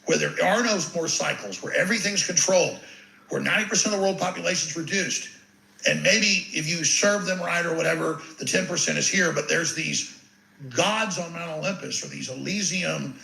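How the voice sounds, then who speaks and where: Gravelly, intense ranting man. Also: on the high side, bright, forceful tone. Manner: intense, ranting, repeats words when starting lines. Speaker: interview guest. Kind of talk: impassioned monologue. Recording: roomy echo.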